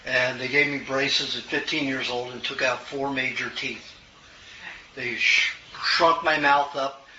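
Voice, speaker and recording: An older man from the American South answering questions from an audience in a relaxed, storytelling way, chuckling now and then. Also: mid-range voice, measured pace. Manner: folksy storytelling, chuckles often. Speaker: health lecturer. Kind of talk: casual Q&A talk. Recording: roomy, distant, muffled, noisy room recording.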